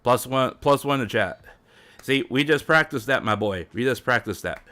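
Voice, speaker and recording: Speaking at a moderate pace in a sharp, animated, medium-pitched voice, this man rambles through a casual Japanese-learning live stream. He chuckles a lot while working out how words sound.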